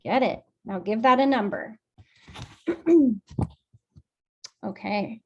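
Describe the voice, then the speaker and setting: A woman leading a guided emotional release session over a video call, speaking in a gentle, affectionate and encouraging way. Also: a little high, expressive, takes it slowly, husky, highs cut off. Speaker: group session facilitator.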